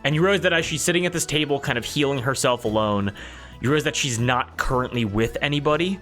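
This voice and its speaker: Brief: male game master, mid-pitched, loose rambling narration. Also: fast, fairly bright tone, soft background music. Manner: rambling, many fillers and restarts.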